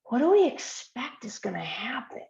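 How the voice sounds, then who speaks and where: A woman's voice: fairly high pitch, big pitch swings, normal speed, creaky, a little mellow, roomy sound, rough recording. A woman physician giving a storytelling presentation, talking earnestly and with emotion over a video call.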